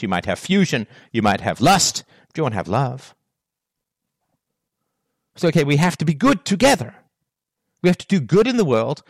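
A man delivers a solo philosophy monologue, firing off one rhetorical question after another. His voice rises and falls across a wide, lively range. The sound is close and dry, with no room around it. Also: medium pitch, no echo. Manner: rhetorical questions, emphatic and animated. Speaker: philosophy talk host.

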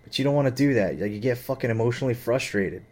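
A man with a mid-range, darkish voice talks fast and with lively intonation as he rambles through a profane story about his father and his boss. It is an agitated personal rant, full of fillers.

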